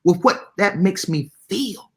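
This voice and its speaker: A woman's voice: mid-range voice, expressive, takes it slowly, breathy edge. A woman guest speaking earnestly, with a preacher-like emphasis. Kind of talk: conversational discussion.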